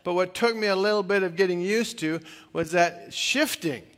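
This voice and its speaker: Older pastor telling stories in a sermon, kinda high voice, lots of uh's, echoey church hall. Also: male voice, normal speed, fairly bright tone. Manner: chatty storytelling with self-deprecating humor and many fillers. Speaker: retired pastor. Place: church sanctuary. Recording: long reverb of a church hall.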